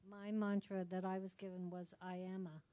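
A woman in the audience asks a question with pauses and restarts. Her voice is mellow and dark, at an ordinary pitch. She answers with soft murmurs of agreement. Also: level tone, no echo. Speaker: audience member. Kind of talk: asking questions.

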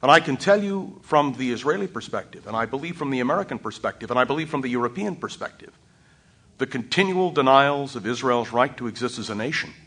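A man speaking on a panel, blunt and deliberate, pressing his points firmly. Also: medium pitch, expressive, fairly bright tone, husky. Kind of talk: panel discussion.

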